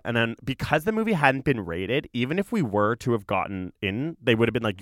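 A young man from Canada telling a story in a casual podcast chat, acting out quotes in high voices. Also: very animated, fairly quick, few pauses, fairly bright tone, no echo, studio quality. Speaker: podcast co-host.

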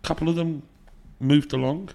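Animated New Zealand man telling stories. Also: on the high side, normal speed, gravelly. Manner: animated storyteller, swears freely, laughs often. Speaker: podcast guest, musician. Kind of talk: casual interview storytelling.

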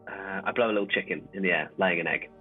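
A man's voice: deep voice, fairly even intonation, fast talker, soft background music, natural voice. A man playing in a tabletop role-play game, earnest and rambling, with a joking streak. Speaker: player. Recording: tinny phone-like line.

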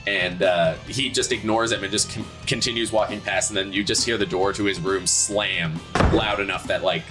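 A man's voice: fairly low pitch, steady tone, moderate pace, music in the background. A man acting as dungeon master and host, narrating a tabletop game in a loose, chatty way with jokes and fillers.

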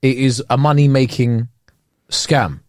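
A young British man, co-hosting a casual podcast chat, expressive and telling stories with laughs. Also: mid-range voice, unhurried, no room sound, studio quality. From Britain. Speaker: podcast co-host.

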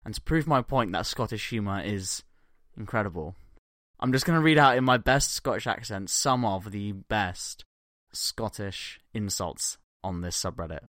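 A man's voice: fairly low pitch, expressive, moderate pace, a bit bright, no echo, studio quality. Swearing, jokey man on a podcast. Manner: profane, jokey, laughs often. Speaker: podcast co-host. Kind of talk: casual podcast banter.

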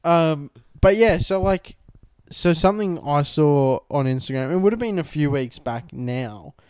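A man's voice: fairly high pitch, lively intonation, a little slow, darkish tone, smooth, no room sound, studio quality. A young Australian man co-hosting a casual podcast in a lounge room, laid-back and swearing a lot. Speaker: podcast co-host. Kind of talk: casual chat.

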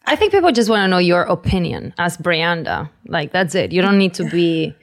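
A woman co-hosting a podcast in casual chat, affirming and quick to laugh. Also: on the low side, lively intonation. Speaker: podcast co-host.

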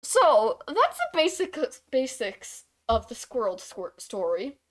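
Woman, podcast co-host, casual gaming chat, animated storyteller, laughs often, slightly high voice. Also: slow pace. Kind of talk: casual chat while playing a video game.

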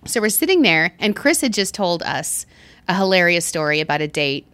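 A woman's voice: lowish voice, big pitch swings, moderate pace, fairly bright tone, no echo. A woman co-hosting a podcast in casual chat, telling a story and bursting into sung lines. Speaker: podcast co-host.

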